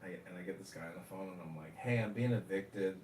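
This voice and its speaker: A man telling rambling stories in casual chat, animated and profane, acting out the people he quotes. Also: low voice, fast talker. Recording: echoey room, distant from mic, faint noise.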